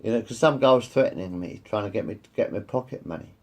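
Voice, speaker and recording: A man's voice: on the low side, fast. A man in his fifties telling rambling personal stories, repeating himself and swearing freely. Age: 50s. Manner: repetitive, circles back and swears freely. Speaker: vlogger.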